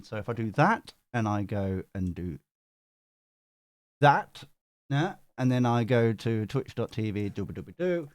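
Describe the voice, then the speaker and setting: Playful man, lively swooping pitch. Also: dry recording, studio quality. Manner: playful, teasing banter with chat. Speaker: tarot reader hosting a livestream. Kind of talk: casual livestream chat.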